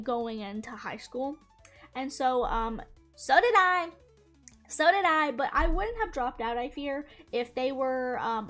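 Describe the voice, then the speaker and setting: A young woman chatting casually through a storytime, animated and swearing freely. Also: sits high. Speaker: YouTuber.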